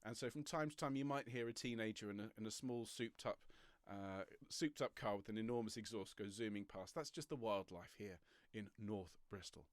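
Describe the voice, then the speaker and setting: A man leading an online choir warm-up from home, giving step-by-step breathing and stretching instructions with an encouraging, jokey manner. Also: fairly low pitch, brisk, no echo. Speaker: choir leader. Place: home room, traffic passing outside.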